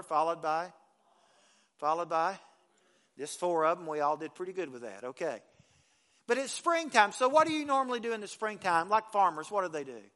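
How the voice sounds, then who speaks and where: A man's voice: high voice, sharp tone. A man pastor delivering a folksy, conversational sermon, often restarting phrases as he speaks.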